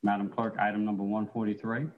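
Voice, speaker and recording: A man's voice: lowish voice, level tone. Man chairing a meeting over muffled audio. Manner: measured, procedural, reading item numbers. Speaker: council chairman. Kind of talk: formal meeting procedure. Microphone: remote call-in audio.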